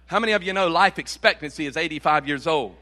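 A pastor preaches a Sunday sermon in a high, ringing voice. He leans on repeated phrases, stretching them out. He swings from loud bursts to quiet, intimate asides. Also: quick pace.

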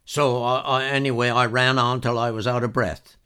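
A man puts on an older Newfoundland storyteller, spinning a yarn in thick folksy dialect. The voice rises higher and fuller as the tale gets exciting, with a lively swing to the pitch. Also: moderate pace, clear, resonant tone, natural voice. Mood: excited yarn.

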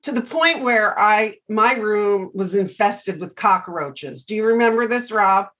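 A middle-aged woman hosting an interview podcast, telling animated stories in a chatty, casual way. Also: mid-range voice, unhurried, low-quality recording. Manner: chatty storyteller, animated anecdotes. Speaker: podcast host.

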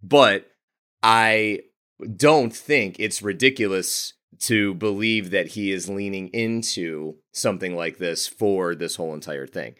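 A man with a fairly low voice speaks in a measured, hesitant way. He gives an even-handed take. It is a casual chat with a co-host.

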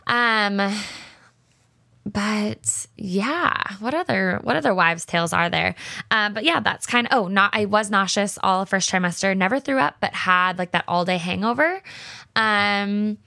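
A woman's voice: medium pitch, unhurried, creaky, bright, forceful tone, no room sound, studio quality. A young pregnant woman talking casually and openly to her viewers from her home office, with many fillers and restarts. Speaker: pregnant vlogger. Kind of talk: casual solo talk to viewers.

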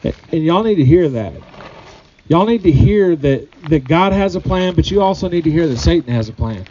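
A man's voice: on the high side, lively intonation, moderate pace, dark tone, dull audio, a little hiss or hum. A man preaching a sermon to his congregation, earnest, often repeating phrases and putting questions to the people. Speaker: pastor.

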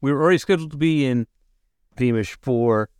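Middle-aged man, relaxed co-host, mid-pitched voice, dry close mic. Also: fairly quick, smooth, no echo. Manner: relaxed, supportive interjections. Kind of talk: casual chat.

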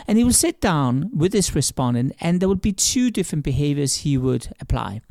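Speaking as an author and guest, this man lays out his ideas through anecdotes, examples and voiced quotes, often repeating himself and starting sentences over. He's a little high-pitched and sing-song, darkish in tone with vocal fry, moving at a moderate pace with hardly any pauses. The sound is clean studio audio without echo.

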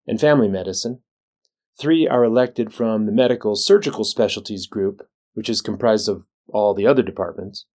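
A man who is a physician and the show's host reads a scripted weekly recap in a measured, plain way, with a dry sense of humor. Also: on the low side, a little mellow. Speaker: physician leader and podcast host.

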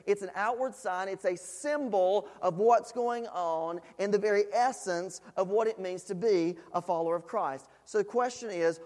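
A man's voice: high voice, long reverb tail. A man preaching a sermon to a church congregation, in a conversational style full of fillers, rising to emphatic questions. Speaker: pastor. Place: church sanctuary.

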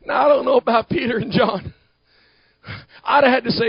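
High-voiced preacher, dry lo-fi sound. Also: male voice, slow, creaky, long pauses, slightly rough, no room sound. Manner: rising to shouted emphasis, talking to the congregation. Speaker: pastor. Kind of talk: sermon.

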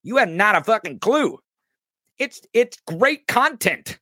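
Mocking, profane podcast host, lively pitch. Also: male voice, slow, dry recording, studio quality. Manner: mocking, profane, addresses a chatter directly. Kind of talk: ranting political commentary.

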